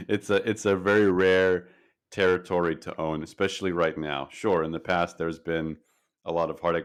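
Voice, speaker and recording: A man's voice: deep voice, steady tone, moderate pace, clean tone. A man co-hosting a sports podcast, talking casually in a blunt, dismissive way. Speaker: podcast co-host.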